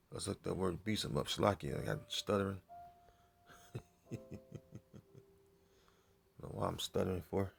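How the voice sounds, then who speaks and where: A man teaching from the Bible in a casual, halting way, full of fillers, reading verses aloud more loudly and muttering to himself while he searches. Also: sits low, vocal fry, husky. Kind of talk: informal scripture teaching.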